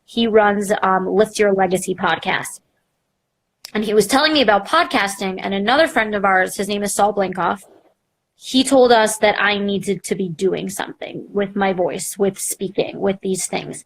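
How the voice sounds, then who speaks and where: With a medium-pitched voice and a moderate pace, a young woman who hosts a podcast opens up about her story during a live interview. She's self-mocking and lively, peppering her talk with "like" and performed quotes.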